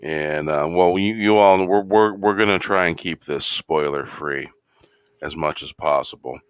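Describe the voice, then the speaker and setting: A man hosting a casual movie chat who talks in a relaxed way and often repeats words as he starts a sentence. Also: extremely low pitch, unhurried, clear, resonant tone, no echo, clean studio sound. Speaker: podcast host.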